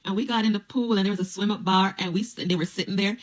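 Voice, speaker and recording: A woman casually telling a personal story to camera, playful and animated, acting out what people said. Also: mid-range voice, fast. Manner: animated, playful, acts out quoted voices.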